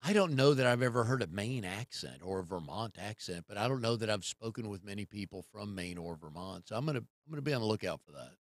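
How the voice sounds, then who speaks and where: Gravelly low-voiced male interviewer. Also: fast, hardly any pauses, dry recording, studio quality. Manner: relaxed, brief affirmations, curious questions. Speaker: interview host. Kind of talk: casual interview chat.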